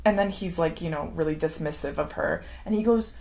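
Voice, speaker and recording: A woman's voice: deep voice, moderate pace, few pauses. A young adult woman giving an unscripted, chatty movie recap, full of "like" and laughter. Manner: chatty, heavy use of "like", acts out quoted characters, laughs often. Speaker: film commentary vlogger.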